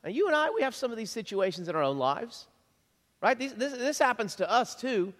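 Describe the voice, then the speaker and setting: A man preaching a conversational sermon, lively and chatty, chuckling often and repeating himself as he talks to the congregation. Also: very high voice, fairly quick. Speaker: pastor. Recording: long reverb of a large hall.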